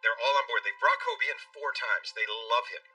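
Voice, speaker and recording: A man, an author guest on a talk show, telling a story at a brisk pace and acting out what people said. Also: medium pitch, bright, forceful tone, clean tone, no echo. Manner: brisk storyteller who acts out quotes. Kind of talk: interview storytelling. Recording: distant mic, faint music behind.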